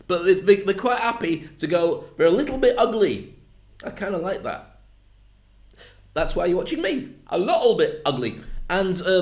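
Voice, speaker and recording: A man's voice: fairly high pitch, echoey room. A man with a northern English accent, giving a chatty, jokey video lesson on content marketing. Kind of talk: casual video lesson to camera.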